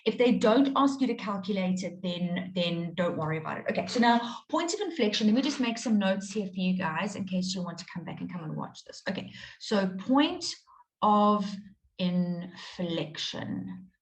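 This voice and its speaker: A woman's voice: medium pitch, expressive, moderate pace. Patient woman teaching maths in a roomy space. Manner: patient, checks in with students often. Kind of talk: live online maths lesson. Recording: roomy echo.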